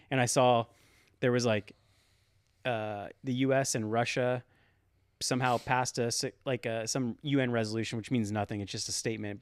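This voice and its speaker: A man's voice: mid-range voice, no room sound, studio quality. A man co-hosting a podcast in casual chat, laid-back and putting questions to the others. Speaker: podcast co-host.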